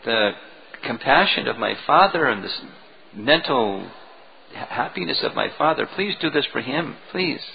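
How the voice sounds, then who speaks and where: A man voicing an eloquent, gentle young boy who pleads softly and earnestly, on a dull lo-fi recording. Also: medium pitch, lively intonation, normal speed, creaky, a little hiss or hum. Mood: pleading.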